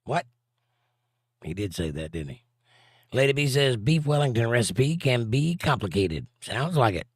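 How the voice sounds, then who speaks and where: Man, Southern US accent, livestream host, dry sarcastic humor, middle pitch, dry close sound. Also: big pitch swings, measured pace, pauses often, husky, no echo. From southern United States. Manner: dry, sarcastic, drawling asides. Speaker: livestream host reading chat. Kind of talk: casual chat.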